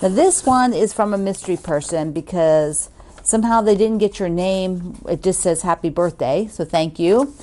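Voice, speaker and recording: A woman's voice: fairly low pitch, normal speed, darkish tone. A woman hosting a quilting video, chatting casually and gushing as she opens fan mail, laughing often. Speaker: quilting show host.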